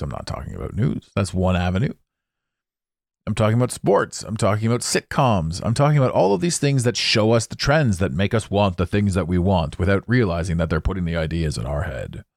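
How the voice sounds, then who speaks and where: A man's voice: fairly low pitch, a little mellow, dry recording, clean studio sound. A man hosting a solo podcast monologue, opinionated and sarcastic, talking conversationally and tossing in rhetorical questions. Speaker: podcast host.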